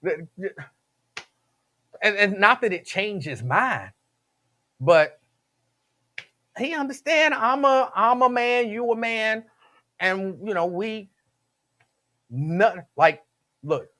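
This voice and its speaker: A man's voice: high-pitched, slow, long pauses, sharp tone. A man hosting a radio talk show, chatting casually with listeners, laughing often and repeating himself.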